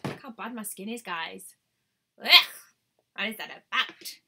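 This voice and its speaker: A woman's voice: medium pitch, animated, measured pace, bright, forceful tone, breathy edge. A woman chatting bubbly on a live stream, greeting viewers by name, recorded on a webcam at home. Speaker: beauty vlogger. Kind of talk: live-stream casual chat.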